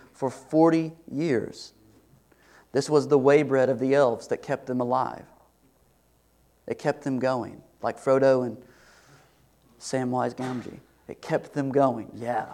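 A man's voice: medium pitch, darkish tone. A man preaching a sermon as pastor, earnest and conversational, asking the congregation rhetorical questions.

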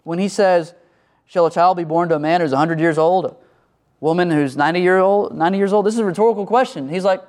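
A middle-aged man delivers a sermon as pastor. He preaches with animation and acts out the voices of biblical figures and church members. His voice sits a touch above the usual male pitch. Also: quick pace, a little mellow.

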